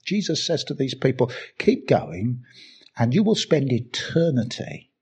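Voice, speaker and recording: Husky animated Birmingham preacher, older man. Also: medium pitch, measured pace. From England. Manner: animated, repetitive emphatic preaching with self-deprecating asides. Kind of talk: sermon.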